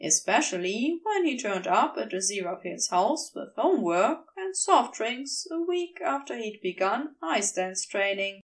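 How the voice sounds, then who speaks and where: Unhurried, expressive woman narrator for a podfic; voice a touch high and a little distant. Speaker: podfic reader. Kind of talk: storybook narration.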